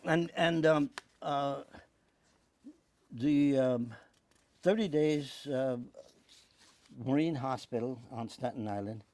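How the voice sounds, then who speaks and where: A man's voice: medium pitch, slow pace, pauses often. Older American man telling a war story. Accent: New York. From United States. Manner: animated, acts out voices in quotes. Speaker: veteran interviewee. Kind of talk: oral history storytelling.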